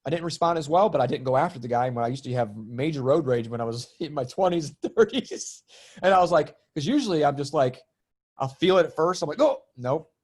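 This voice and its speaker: A man's voice: on the high side, fast, darkish tone. A middle-aged man guesting on a spiritual podcast, telling a story in casual chat and acting out his own quoted lines, with the odd swear word.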